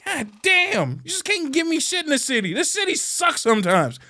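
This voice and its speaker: Male podcast host from Chicago, fast-swinging profane rant, high animated voice. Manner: profane, blunt, heckling; big swings between muttering and shouting. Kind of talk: ranting casual monologue.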